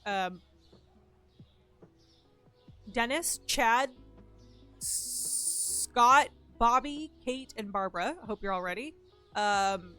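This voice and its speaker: Woman, nasal, congested, sick, slightly high voice, casual rambling stream chat, faint background music. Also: lively intonation, a little slow, bright, forceful tone. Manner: chatty, rambling, swears casually. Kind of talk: casual chat with viewers while gaming.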